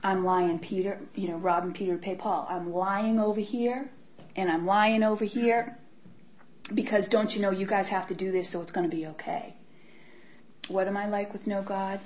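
A woman giving a candid personal testimony about her recovery, talking in a halting way with many repeats and fillers. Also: mid-range voice, steady tone, slight background noise. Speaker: speaker sharing her recovery story. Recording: dull lo-fi recording.

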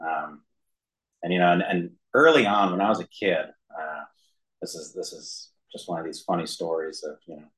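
A very deep-voiced man tells his own story to a roomful of listeners and a video call. He speaks haltingly, with plenty of "um"s and "you know"s and a dry, self-deprecating humor. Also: fairly bright tone, poor audio. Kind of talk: personal testimony to an audience. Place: room with an audience, also streamed to a video call.

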